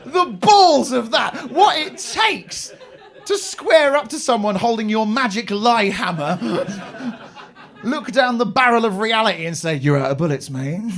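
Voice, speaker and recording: A man's voice: very high-pitched, lively intonation, unhurried, fairly bright tone. A young English man performing a live stand-up routine on a comedy club stage, telling rambling stories with crude swearing.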